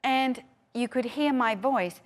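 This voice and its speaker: A woman's voice: fairly high pitch, takes it slowly. A middle-aged woman with a New Zealand accent gives an emphatic motivational conference talk from a stage, repeating her key phrases. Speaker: keynote speaker. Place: conference stage before a live audience.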